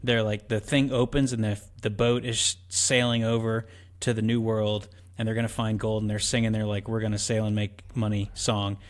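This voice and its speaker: A man's voice: fairly low pitch, normal speed, hardly any pauses. A man co-hosting a movie podcast in casual chat, telling stories and acting out quotes. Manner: animated storyteller, acts out quotes. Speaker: podcast co-host.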